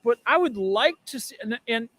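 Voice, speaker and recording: A tired man chatting casually about football on a fan show, stammering and restarting as he gets animated. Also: extremely high pitch, normal speed. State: tired after a night out. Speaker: regular panelist on a fan show.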